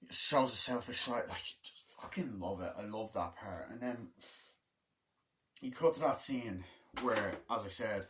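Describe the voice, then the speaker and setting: Male vlogger, fairly low voice with a bright, forceful edge; casual, profane, rambling movie review. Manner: rambling and excitable, swears often, many fillers like "like"; acts out movie lines in quick put-on voices. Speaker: film reviewer.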